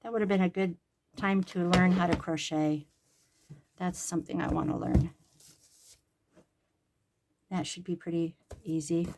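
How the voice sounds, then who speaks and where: A woman's voice: on the low side, fairly even intonation, unhurried, pauses often, a little mellow, slight background noise. An older woman and grandmother chatting casually and rambling while she sews a craft at home, joking about herself. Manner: chatty, rambling, jokes at her own expense. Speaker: crafting vlogger. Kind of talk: casual chat while sewing.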